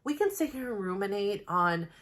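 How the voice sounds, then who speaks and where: A mother who makes self-help vlogs records at home against a new plain backdrop, speaking straight to camera. She's earnest and rambling, heartfelt and loose, using plenty of filler words as she works through her thoughts. Her voice is medium-pitched, expressive, and a bit bright, at a moderate pace.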